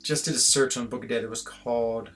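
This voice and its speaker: With faint guitar in the background, a middle-aged man hosts a casual live stream, going through viewer comments in a musing, rambling fashion and chuckling a lot. His voice is mid-range, a bit bright and fairly even, and he speaks fairly quickly.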